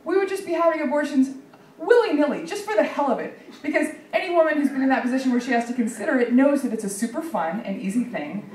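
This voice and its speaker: A young woman from Texas doing a sarcastic, deadpan stand-up set at a comedy club, with plenty of ums and likes. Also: high-pitched, quick pace, slight background noise. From Dallas, Texas. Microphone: handheld stage mic. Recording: echoey room from far off.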